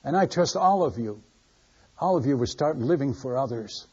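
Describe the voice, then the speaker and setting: This older missionary preacher speaks in a mid-range, slightly rough and a little mellow voice, animated and at normal speed. He shares stories in a folksy, conversational sermon manner with a chuckle, captured on a dull lo-fi sermon recording.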